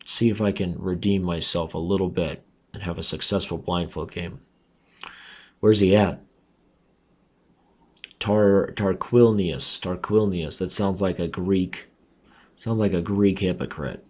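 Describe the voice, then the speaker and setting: A man with a raspy voice giving chatty, self-mocking commentary on his own chess games as he plays. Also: low-pitched, fairly even intonation, a little slow, pauses often, a little mellow. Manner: chatty, self-mocking, talks through moves aloud. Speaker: chess streamer. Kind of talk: casual commentary while playing online.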